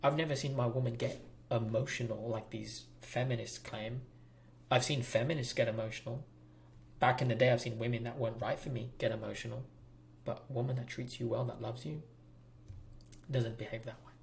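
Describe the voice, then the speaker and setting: A man's voice: medium pitch, fairly even intonation, a little fast, creaky, slight background noise. A man hosting a relationship advice talk, speaking bluntly and preachily straight to his viewers. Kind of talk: direct-to-camera advice monologue.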